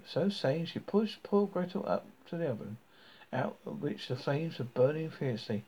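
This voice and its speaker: Gravelly man reading a fairy tale, halting. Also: fairly high pitch, expressive, a little mellow. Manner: halting, with frequent stumbles and restarts. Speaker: storybook reader. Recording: dull lo-fi recording.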